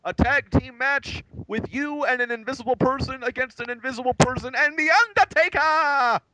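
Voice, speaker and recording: A man's voice: extremely high pitch, steady tone, moderate pace, background noise, pitched above the performer's own voice. A man putting on the voice of a blustering older male wrestling general manager who scolds and stumbles over his words.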